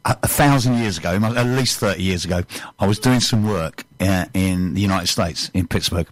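Deep-voiced podcast host. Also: male voice, moderate pace. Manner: chatty, jokey storyteller. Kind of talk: casual podcast conversation.

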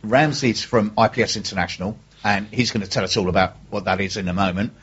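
A man's voice: lowish voice, breathy edge. A man hosting a local radio show, chatting casually with a dry, teasing manner and a sore throat. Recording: dull, muffled radio studio sound.

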